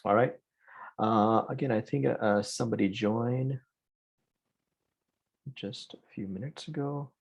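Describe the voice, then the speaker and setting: A man's voice: mid-range voice, measured pace, vocal fry, long pauses. A man teaching an online programming class, explaining step by step and checking in with "right?" after each point. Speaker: programming instructor. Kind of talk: live online coding lesson.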